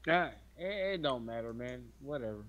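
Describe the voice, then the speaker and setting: A man's voice: mid-range voice, lively intonation, moderate pace. A man in a gaming voice chat, mumbling and dismissive, heard through a muffled microphone. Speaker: clan member in voice chat. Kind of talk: casual voice chat. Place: online voice chat. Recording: muffled lo-fi mic with background noise.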